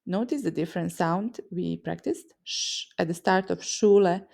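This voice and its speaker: A woman's voice: fairly low pitch, moderate pace, vocal fry, darkish tone. A woman from a Serbian-speaking region teaching pronunciation in a scripted lesson, explaining sounds with vivid mental images. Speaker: language teacher.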